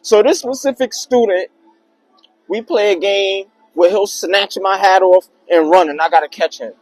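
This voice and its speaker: A young man telling a personal story in a casual, slangy, animated way on his vlog. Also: sits high, normal speed, dry recording, soft background music, low-quality recording. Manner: slangy, animated retelling with acted quotes.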